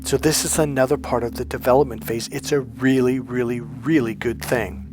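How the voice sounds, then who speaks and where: A man's voice: medium pitch, fairly even intonation, moderate pace. A middle-aged man coaching in a casual monologue, telling his own story in a candid, blunt way with frequent swearing.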